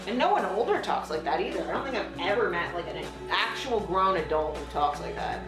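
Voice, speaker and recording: Livestreaming from home, this Toronto woman speaks in a lowish, very animated voice at a slightly fast clip. She's young and casual, cursing freely and wandering through her talk with filler words, while music plays in an echoey room.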